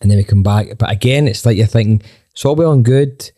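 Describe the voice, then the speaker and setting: Low, mellow man telling a story. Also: brisk. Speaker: band member telling a story. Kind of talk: casual storytelling chat.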